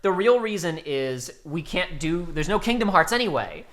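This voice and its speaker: A young man co-hosting a casual podcast chat, rambling and animated, bursting into loud acted-out quotes. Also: high voice, moderate pace. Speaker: podcast co-host.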